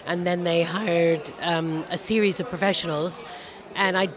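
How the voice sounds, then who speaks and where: A woman's voice: on the low side, steady tone, unhurried, a crowd in the background. A woman, an author guest, answering interview questions in a wry, self-deprecating way with small chuckles.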